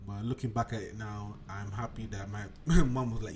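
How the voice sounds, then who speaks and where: A man's voice: fairly low pitch, steady tone, brisk, few pauses, a little mellow. A young man hosting a solo podcast, talking in a loose, joking way and swearing freely. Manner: loose, joking, swears, laughs into his words. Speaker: podcast host. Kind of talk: casual solo podcast talk.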